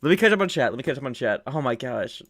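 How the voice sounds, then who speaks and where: A young man streaming live from home, reacting with loud excitement and laughter, with faint music behind. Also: mid-range voice, fast. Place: home room.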